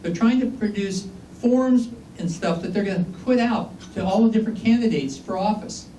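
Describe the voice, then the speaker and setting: A man's voice: high-pitched, normal speed, dark tone. A man giving an informal geology lecture, chatty and joking, asking the audience questions, heard from a distance in an echoey room. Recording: echoey room, distant mic, faint noise.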